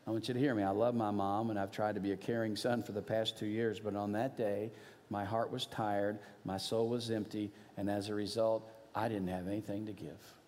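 A man's voice: fairly low pitch, a little fast. Earnest man preaching in a reverberant church. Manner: earnest storytelling, swings from animated to hushed. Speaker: pastor. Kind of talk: sermon. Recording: long hall reverb.

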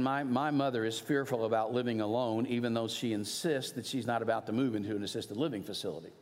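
Middle-aged male pastor, mid pitch, earnest sermon storytelling, long reverb of a church hall. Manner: earnest storytelling, swings from animated to hushed.

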